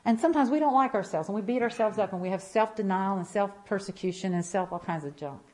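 A woman's voice: medium pitch, fast talker, a little mellow. A woman in her fifties giving an impassioned church testimony, emphatic and repeating phrases as she tells her story.

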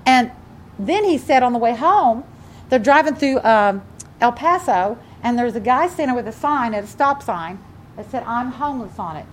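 An animated, fairly high voice at a moderate pace belongs to an older woman, a grandmother and pastor, fervently preaching and recounting a family story with growing emphasis. A little hiss or hum runs underneath.

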